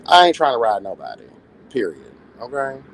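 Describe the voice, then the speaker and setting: A man in his late thirties hosting a livestream, chatting with viewers in a sassy, campy, animated way. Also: medium pitch, moderate pace, gravelly, slight background noise. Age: 30s. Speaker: livestream host. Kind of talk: casual chat with viewers.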